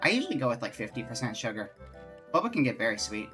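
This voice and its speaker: Casual streamer at mid pitch, talks to chat and reads game lines, soft music under it. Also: sing-song, fast talker. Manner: chatty, reads game dialogue aloud.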